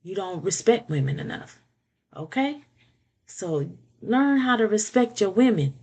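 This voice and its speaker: A woman's voice: medium pitch, big pitch swings, unhurried, darkish tone, slight background noise. An older woman giving blunt, preachy relationship advice in a casual monologue, often repeating words and checking in with "okay?".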